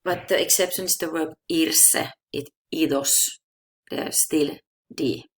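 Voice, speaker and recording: This Spanish teacher's low voice is steady and slightly rough as she patiently lays out grammar rules during a language lesson. She says example words slowly more than once and regularly asks her viewers "okay?"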